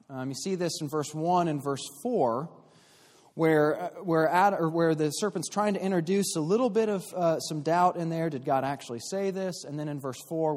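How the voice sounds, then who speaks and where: A man teaching a church class in an explanatory way, pausing and restarting often. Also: a little high, darkish tone. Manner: explanatory, with frequent fillers and restarts. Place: church hall. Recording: long hall reverb.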